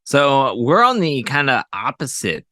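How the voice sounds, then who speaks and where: His mid-range voice swings widely in pitch, and he speaks unhurriedly with a bright, forceful tone. He's a guest co-host on a podcast, casually and hesitantly reviewing movies, with lots of fillers and restarts. The sound is clean studio audio with no echo.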